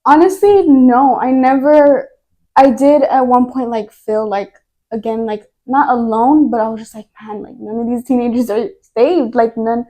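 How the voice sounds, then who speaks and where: Here is a young woman in a podcast interview, recounting her faith testimony in an earnest, rambling manner and leaning on lots of filler words. Her voice sits a little high and sounds soft and mellow. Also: fairly even intonation, moderate pace. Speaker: guest.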